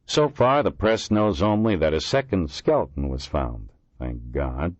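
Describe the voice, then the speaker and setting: A man doing a gruff, irritable police lieutenant. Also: sits low, animated, unhurried, no echo. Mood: impatient. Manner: gruff, blunt. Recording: dull lo-fi dry recording.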